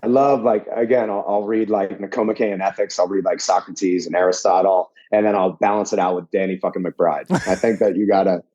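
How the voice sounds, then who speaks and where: A man from Pittsburgh with a lowish, husky voice talks as a podcast guest, quick to joke and go off on tangents. His audio sounds a little dull and lo-fi. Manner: animated and joking, quick tangents and restarts. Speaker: podcast guest, boxing coach. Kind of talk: casual chat.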